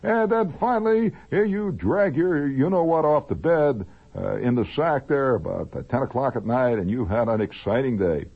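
A man's voice: medium pitch, very animated, gravelly, slightly rough. A man telling a long, digressive, humorous story in a rambling radio monologue. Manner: digressive, humorous, drawn-out asides. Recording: narrow lo-fi old radio recording.

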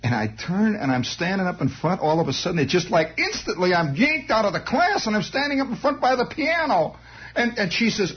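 Male storyteller with a fairly high voice and a dull, lo-fi sound, rambling through a childhood tale. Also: big pitch swings, a little fast. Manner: rambling, digressive, wry asides. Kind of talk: comic storytelling monologue. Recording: dull lo-fi recording.

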